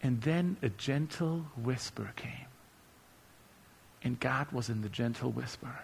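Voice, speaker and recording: A male preacher delivering a relaxed, humorous sermon who often repeats words as he speaks off the cuff. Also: medium pitch, measured pace, gravelly, slight background noise. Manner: conversational and humorous, repeats words while searching.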